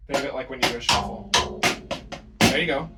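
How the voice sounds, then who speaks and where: A man teaching a drum lesson, counting and scatting the rhythms out loud. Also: mid-range voice, brisk, loud music behind the voice. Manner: counts and scats rhythms aloud. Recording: far from the mic, drums playing loud.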